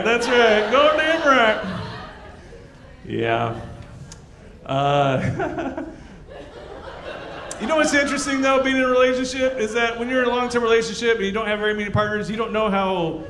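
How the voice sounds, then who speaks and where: Man, stand-up comedian, high voice, profane, audience noise behind him. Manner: brash, profane, acts out both sides of stories. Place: comedy club stage. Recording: roomy club with audience noise. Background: audience laughter.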